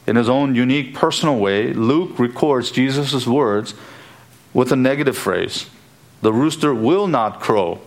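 A man preaching a sermon, deliberate and emphatic, often repeating key phrases for weight. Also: medium pitch.

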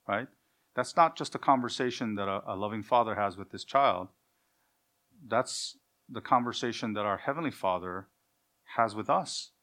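A man's voice: fairly low pitch, normal speed, bright, forceful tone. A man preaching a sermon as pastor, emphatic, posing rhetorical questions and answering them himself. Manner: acts out dialogues between parent and child.

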